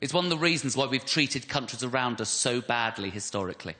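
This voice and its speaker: A man's voice: medium pitch, animated, quick pace, pushed and bright. An English man from West London doing a self-deprecating stand-up set with stammering repeats, on a live comedy stage. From West London, England. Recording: live stage recording with audience laughter.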